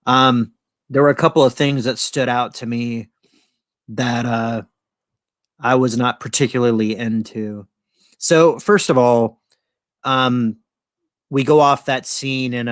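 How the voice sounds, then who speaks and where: A man's voice: mid-range voice, a bit bright, no room sound. A middle-aged man hosting a casual live stream, rambling and jokey with crude language. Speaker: host.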